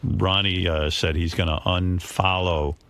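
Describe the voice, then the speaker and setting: A man's voice: low-pitched, fairly even intonation, a little slow, fairly bright tone, smooth. A man hosting a talk radio show, blunt and dryly needling. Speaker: radio host. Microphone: studio microphone.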